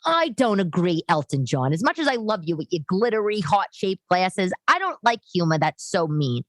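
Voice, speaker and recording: Low-voiced chatty New woman. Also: sing-song, moderate pace, no echo. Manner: chatty, rambling, self-deprecating. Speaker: podcast host. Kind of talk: casual solo chat. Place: living room.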